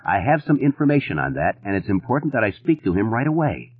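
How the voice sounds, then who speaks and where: A panicked writer presses his words out urgently, pitched above the reader's own low register, as a male narrator voices him. His husky voice swings widely, squeezed into a thin, phone-like band. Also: sing-song, fast talker. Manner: urgent, pleading.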